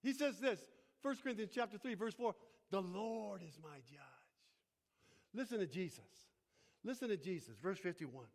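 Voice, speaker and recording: A male pastor preaching a sermon, repeating phrases for emphasis and putting questions to the congregation. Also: high voice. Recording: long hall reverb.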